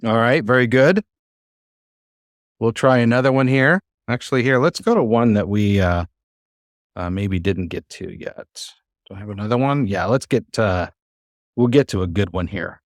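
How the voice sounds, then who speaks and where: Patient low-voiced man teaching Hebrew. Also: no room sound. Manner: patient, encouraging, slows to spell out sounds. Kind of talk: online class teaching.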